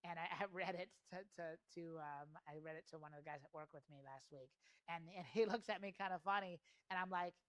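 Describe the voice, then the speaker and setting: A man's voice: on the high side, fast talker, few pauses, a bit bright, clean tone, no echo. A man leading an in-house sales training, talking conversationally, quizzing the room with rhetorical questions and swearing now and then. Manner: casual, swears in passing.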